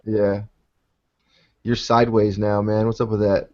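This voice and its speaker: A man's voice: fairly low pitch, little pitch movement, measured pace, a little mellow, muffled recording. A man hosting a casual podcast chat over a video call, laid-back and swearing freely, often tagging his sentences with "man". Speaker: podcast host.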